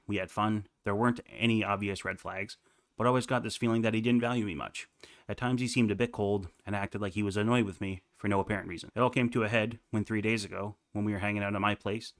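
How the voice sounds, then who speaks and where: A young man in his twenties reads confession posts aloud at a quick clip, then drifts into loose, filler-heavy commentary. His voice sits a little low, and the sound is dry and close with no room to it. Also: no room sound. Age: 20s. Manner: casual, rambling asides with many fillers. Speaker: reddit reaction host.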